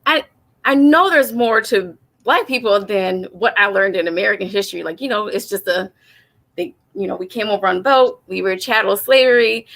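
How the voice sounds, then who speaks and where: A woman's voice: mid-range voice, sharp tone. A woman speaking thoughtfully in a casual panel discussion, hesitating often with fillers.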